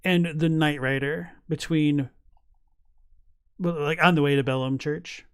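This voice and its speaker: A man's voice: fairly high pitch, fairly even intonation, measured pace, clear, resonant tone, dry recording, studio quality. A man casually chatting on a live stream, thinking aloud with many fillers and restarts while reading chat messages. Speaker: streamer reacting to game lore.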